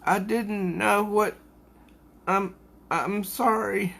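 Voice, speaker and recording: A man's voice: sits high, fairly even intonation, creaky, bright, forceful tone, voice pushed up, heavily acted. A man doing a frightened young witch girl. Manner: trembling, halting, near tears.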